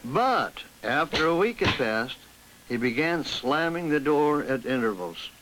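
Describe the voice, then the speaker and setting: A man reading a ghost story aloud in a measured way, slowing down for suspense. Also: a little high, very animated, rough recording. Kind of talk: scripted ghost story narration. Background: instrumental music.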